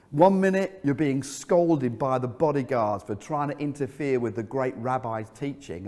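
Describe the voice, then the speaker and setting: A man preaching a sermon as pastor, telling a story vividly and dropping his voice low for emphasis. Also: darkish tone. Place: church hall. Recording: church hall reverb.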